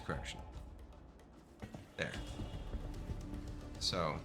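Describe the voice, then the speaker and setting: A man commentating his live gameplay stream, animated and swearing, trash-talking the enemies. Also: medium pitch, measured pace. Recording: loud game music behind.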